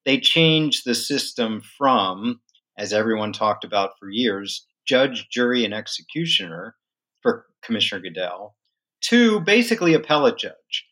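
A man guest with a legal background, giving an animated, emphatic explanation in a podcast interview. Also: medium pitch, unhurried. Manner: animated, emphatic storytelling with occasional laughs. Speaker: guest legal and sports business analyst.

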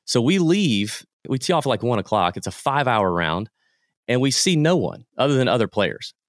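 A man, a guest on a podcast, telling lively anecdotes in a casual way and acting out the people he quotes. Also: mid-range voice, normal speed, no room sound, clean studio sound. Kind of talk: casual storytelling.

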